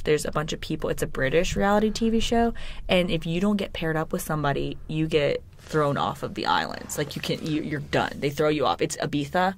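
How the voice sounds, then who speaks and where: Low-voiced Southern woman chatting. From Alabama. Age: young adult. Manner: chatty, rambling, many fillers. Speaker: podcast co-host. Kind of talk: casual chat.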